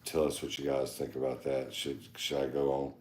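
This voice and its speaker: Deep-voiced laid-back middle-aged man. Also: completely flat delivery, moderate pace, a little mellow. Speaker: podcast co-host. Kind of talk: casual chat. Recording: roomy echo.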